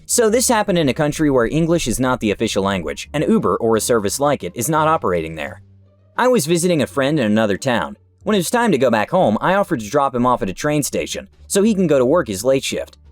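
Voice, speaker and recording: Animated man reading internet stories. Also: medium pitch, fast talker. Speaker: story narrator. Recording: dry with faint music behind.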